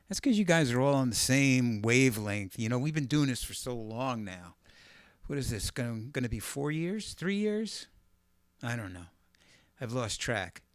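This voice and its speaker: A guitarist hosting a live stream chats casually with viewers, rambling, thinking aloud and making self-deprecating jokes. His medium-pitched voice is captured in a dry, clean studio recording, with loud guitar playing behind it.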